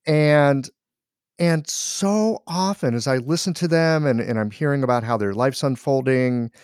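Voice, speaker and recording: A man hosting a conversational podcast, talking in a reflective, animated way. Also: medium pitch, a little slow, smooth, dry recording, clean studio sound. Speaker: podcast host. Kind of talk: conversational interview.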